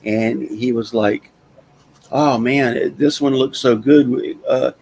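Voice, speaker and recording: An older man in his sixties with a gravelly, creaky voice that sits at an ordinary pitch. He hosts a casual talk show and tells a rambling, folksy story in a plainspoken way. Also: steady tone, slow, a little mellow, poor audio. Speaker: host.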